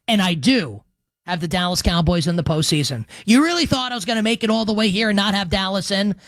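A man's voice: high voice, no room sound. Brief: male sports radio host, punchy and emphatic, dry close mic. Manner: emphatic, animated, crude joking asides. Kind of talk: sports radio and podcast predictions.

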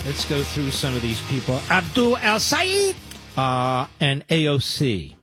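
A man's voice: on the high side, huge pitch swings, measured pace, music in the background. A man hosting a talk radio show, combative and sarcastic, with rambling asides to his producer.

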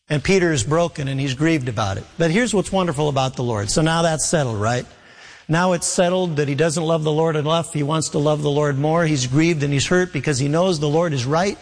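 A man's voice: a little high, brisk. A man preaching a sermon with earnest emphasis, acting out scripture dialogue in his own voice. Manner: earnest preaching, voicing Jesus in quotes. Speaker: pastor. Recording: long hall reverb.

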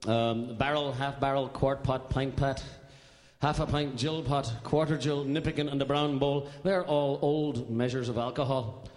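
A man on stage briskly explaining a drinking song and leading the audience in singing it. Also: medium pitch, fairly even intonation, darkish tone. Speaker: singer leading a pub song. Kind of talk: live song introduction and singalong. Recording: echoey hall.

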